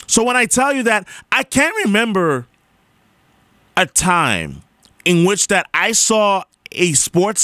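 A man's voice: a little high, dry recording. A young man talking straight to listeners in an emphatic, repetitive monologue, like a radio host. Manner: emphatic, repetitive, animated storytelling.

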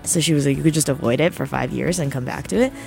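A woman's voice: low-pitched, fast talker, vocal fry. A young woman from New Jersey, hosting a radio show and telling a rambling, self-deprecating story in casual chat. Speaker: radio host. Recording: faint music behind. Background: soft background music.

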